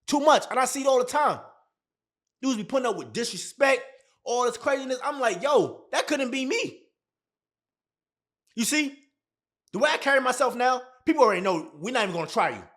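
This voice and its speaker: A man's voice: extremely high pitch, lively intonation, fast talker, a bit bright. A man giving blunt, emphatic dating advice straight to camera, repeating his points. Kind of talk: casual talk to camera.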